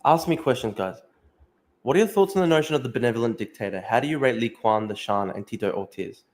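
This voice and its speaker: A man's voice: mid-range voice, quick pace, a little mellow. Profane young man livestreaming. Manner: profane, laughing, scrolling and reacting to posts. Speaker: livestream host. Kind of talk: casual livestream chat reading comments.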